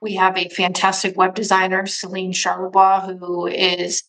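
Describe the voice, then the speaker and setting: A woman who directs a foundation, explaining in a measured way where people can find its website. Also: on the low side, completely flat delivery, a bit bright, poor audio. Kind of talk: interview answer.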